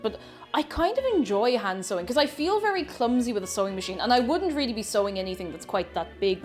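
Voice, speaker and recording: A woman chatting casually and playfully while baking on a live stream, rambling and chuckling as she goes. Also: on the high side.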